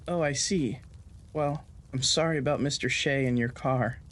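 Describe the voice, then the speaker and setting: A gentle, cautious young nurse, played by a man who pushes his voice high speaks in a soft, nervous way. She sounds anxious and careful in this spoken Western horror tale. Her tone keeps the worried hush of someone out of her depth. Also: moderate pace, lightly acted. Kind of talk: audio drama narration.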